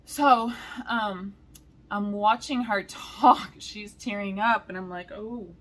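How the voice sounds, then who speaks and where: A woman's voice: medium pitch, slow pace. A woman, chatting casually and enthusiastically as a cross-stitch vlogger, rambling from one story to the next. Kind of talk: casual chat.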